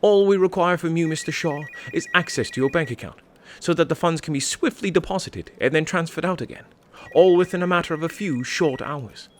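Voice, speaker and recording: A man playing a polite, smooth-talking English phone scammer in a comedy sketch, formal and unflappable, with an English accent. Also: fairly high pitch, fairly quick, slight background noise, natural voice. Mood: persuasive. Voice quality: velvet smooth, courteous.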